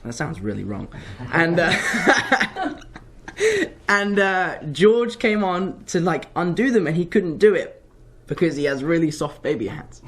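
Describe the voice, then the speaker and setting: A young man from England with an English accent, an actor chatting playfully and laughing through stories in a press interview. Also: on the high side. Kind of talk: casual press junket chat.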